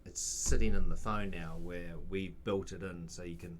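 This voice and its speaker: A man's voice: deep voice, normal speed, slight background noise. A man on a podcast, casually telling work stories and acting out both sides of the conversations. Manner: animated storyteller, acts out both sides of conversations. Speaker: podcast guest, facility manager.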